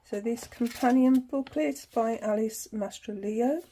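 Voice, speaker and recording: A woman's voice: a little high, a little slow, dark tone, slightly rough. A woman hosting her tarot channel, chatting casually through an unboxing, laughing easily and reading passages aloud.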